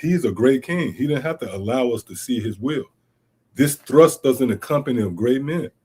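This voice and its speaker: A man's voice: mid-range voice, lively intonation, moderate pace, dark tone, slightly rough. A middle-aged man teaching scripture, reading verses aloud and then explaining them emphatically with rhetorical questions and casual asides like "see?" and "man.". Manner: casual street-inflected speech with "man" and "see?". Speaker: Bible teacher. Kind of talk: scripture teaching streamed online.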